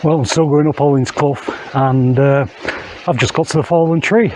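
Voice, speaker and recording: A man with an English accent filming himself while hiking uphill on open moorland, a bit out of breath, talking in a steady, unhurried way with frequent fillers. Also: a little high, slight background noise. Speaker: hiking vlogger. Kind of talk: casual walking commentary to camera. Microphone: handheld camera.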